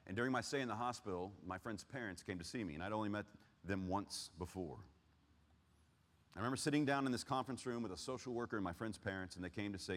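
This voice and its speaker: A man telling his personal testimony earnestly, swinging between loud urgency and hushed, heavy pauses. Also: on the low side. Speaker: speaker giving testimony. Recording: long reverb of a large hall.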